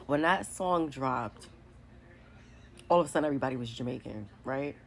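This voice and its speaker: Deep-toned woman; candid, rambling storytime vlogger. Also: normal speed, long pauses, a little hiss or hum. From New York City. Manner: chatty and candid, many likes and whatevers. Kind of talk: casual storytime monologue.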